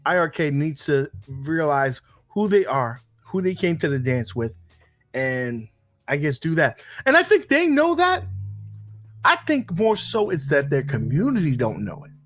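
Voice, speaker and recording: A man co-hosting a casual gaming podcast, joking and swearing through animated banter. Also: a little high, a little slow, no room sound, faint music behind. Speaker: podcast co-host.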